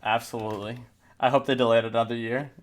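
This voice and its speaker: A male podcast host chatting over a group call, mid-pitched and ordinary in tone. He teases his guests and drops swear words casually. He keeps the conversation rolling from topic to topic. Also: level tone, quick pace. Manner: joking, swears freely. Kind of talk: casual chat.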